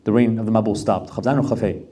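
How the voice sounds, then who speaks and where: Earnest man teaching Torah, mellow voice. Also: lowish voice, steady tone, fast talker, distant mic. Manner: earnest, repeats words for emphasis. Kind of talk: Torah class with storytelling.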